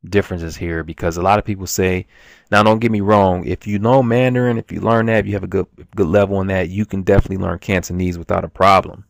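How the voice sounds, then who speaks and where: Low gravelly man explaining languages. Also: steady tone, no echo, studio quality. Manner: rambling, halting, many restarts and fillers. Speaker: language teacher. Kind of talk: casual screen-share language lesson.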